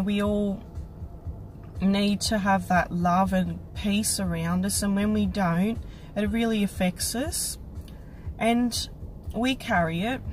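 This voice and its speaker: A woman psychic medium telling a personal story to camera, reflective and halting, with many restarts. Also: mid-range voice, a little hiss or hum, low-quality recording.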